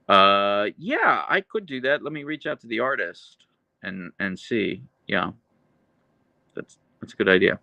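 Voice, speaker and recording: Casual streamer, male, deadpan dry delivery, bright gravelly tone, close dry sound. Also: fairly low pitch, unhurried, dry recording, lo-fi sound. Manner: chatty, earnest, with restarts and laughs. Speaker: livestream host reading chat. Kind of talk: casual live stream chat.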